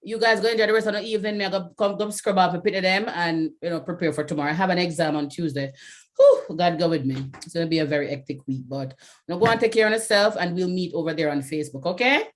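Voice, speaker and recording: Jamaican woman host, lowish voice, chatty and loose, lots of fillers, video-call sound. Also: quick pace. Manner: chatty, many "you know" fillers, slips into patois. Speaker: webinar host. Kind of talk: casual chat closing a webinar.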